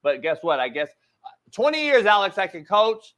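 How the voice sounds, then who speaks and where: A middle-aged man with a high voice hosts a loose talk show, swearing freely as he talks. His delivery is animated and often jumps into shouting. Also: normal speed. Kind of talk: casual profane banter.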